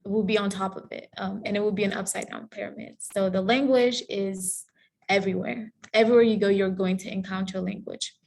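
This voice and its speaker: Mid-range, steady, and fairly quick, this woman's voice is creaky and a little mellow, with a slight hiss or hum on the line. She's a Cameroonian guest lecturer giving an online presentation with Q&A over a video call, friendly and explanatory, with some fillers and self-corrections.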